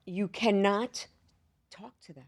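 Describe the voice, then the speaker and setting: A woman's voice: mid-range voice, steady tone, takes it slowly. A woman co-hosting a comedy podcast, chatting casually and chiming in with short reactions. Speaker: podcast co-host. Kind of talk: casual chat.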